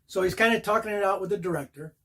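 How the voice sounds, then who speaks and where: A man's voice: high voice, fast talker. An older man, a working actor, casually telling a career story to the camera and acting out each beat of the scene as he goes. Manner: animated, acts out the scene beat by beat.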